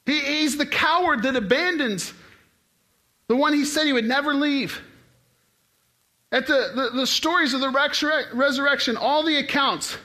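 A man preaching a casual, conversational sermon, climbing into loud, excited bursts as he retells the story. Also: moderate pace, long pauses. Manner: animated, conversational preaching with sudden rises in pitch and volume. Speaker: pastor.

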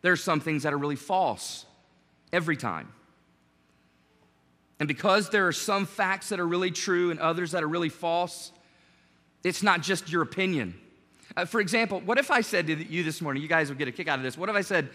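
A man preaching a sermon as pastor, animated and conversational, joking with his congregation. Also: on the high side, fairly quick, in a large hall.

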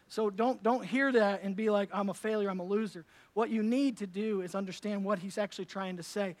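Male pastor, high voice, emphatic preaching from loud to hushed at a church service. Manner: emphatic and conversational, swinging from loud to soft. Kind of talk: sermon.

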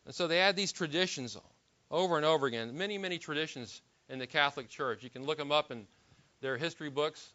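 Bright-voiced emphatic male preacher, lo-fi. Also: fairly high pitch, fast. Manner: emphatic, with frequent restarts and rhetorical questions. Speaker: pastor. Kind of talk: sermon.

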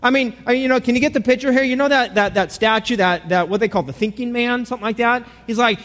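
High-voiced joking preacher in a reverberant hall. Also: male voice, fast talker, hardly any pauses. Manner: animated, joking, many repeated starts. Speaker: pastor. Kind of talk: sermon.

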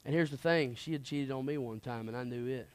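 A man preaching and telling his personal testimony, earnest and impassioned, swinging between hushed moments and emphatic ones. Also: medium pitch, a little fast.

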